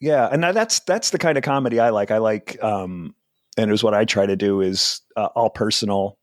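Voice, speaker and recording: A man's voice: on the low side, brisk, no echo, clean studio sound. Rambling, self-mocking man in his forties. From New Jersey. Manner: rambling, self-deprecating, laughs often. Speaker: comedian guest. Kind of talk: casual interview chat.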